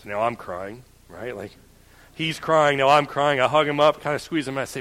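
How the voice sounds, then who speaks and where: A young man preaching a sermon, moving from a personal story told in a quiet conversational voice to forceful preaching. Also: medium pitch, normal speed. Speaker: pastor. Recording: church hall reverb.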